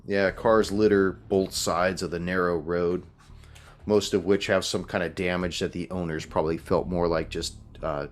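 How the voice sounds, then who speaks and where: A man's voice: low-pitched, flat delivery, moderate pace. A man narrating a tabletop game as game master, in a laid-back way with casual fillers.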